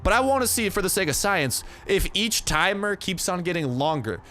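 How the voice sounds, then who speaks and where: A man's voice: sits high, big pitch swings, moderate pace, pushed and bright, slight background noise. A young man giving casual, slangy gameplay commentary, chatty and full of jokey asides.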